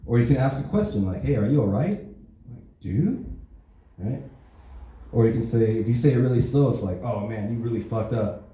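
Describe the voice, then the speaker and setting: A man's voice: medium pitch, fairly quick, warm tone. A man doing an open mic stand-up set, talking casually and profanely and checking in with "right?" and "you know?" after his lines. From Korean heritage. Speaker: stand-up comedian. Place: comedy club open mic. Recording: echoey room, mic heard from a distance.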